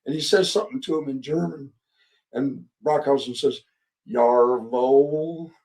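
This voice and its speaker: A man in his seventies, a veteran guest, tells a long story with many halting pauses and chuckles. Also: medium pitch, creaky, far from the mic. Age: 70s. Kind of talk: storytelling interview.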